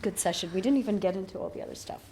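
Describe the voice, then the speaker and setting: A woman's voice: mid-range voice, racing, a crowd in the background. A middle-aged woman talking candidly as a podcast guest, earnest and reflective, laughing often.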